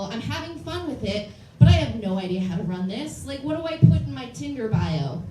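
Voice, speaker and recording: A woman in her late twenties with a fairly high voice performs stand-up, blunt and confessional, poking fun at herself. She is picked up from a distance in a roomy, echoing club, with clear room noise around her. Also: sing-song, a little fast, few pauses, warm tone. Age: late 20s. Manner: self-deprecating, confessional, blunt. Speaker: stand-up comedian. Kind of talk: stand-up comedy set. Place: comedy club stage with live audience.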